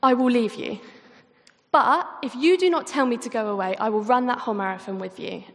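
A woman's voice: a little high, fairly quick, long reverb tail, close to an everyday voice. A woman quoting her straight-talking, matter-of-fact mother in a talk, in a blunt, firm, clipped way.

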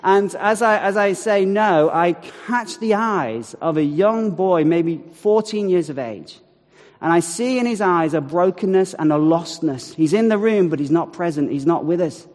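Man, slightly higher voice, storytelling talk, long hall reverb, acted-out quotes. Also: unhurried. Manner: animated storytelling with acted-out quotes and wry asides. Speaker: speaker telling a testimony.

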